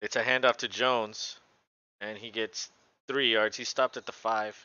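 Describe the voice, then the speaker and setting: A man's voice: on the low side, little pitch movement, a little slow, sharp tone, clean tone, lo-fi sound. A man hosting a casual live play-by-play show from home, chatting and laughing between plays. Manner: chatty, laughs often, talks to his dog. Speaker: podcast host doing live play-by-play. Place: home room with his dog.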